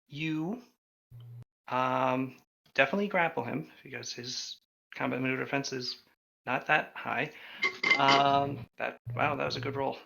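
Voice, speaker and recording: A man's voice: on the high side, gravelly, pushed and bright. A man running a tabletop game as game master, narrating hesitantly with many ums and uhs. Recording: dull lo-fi audio.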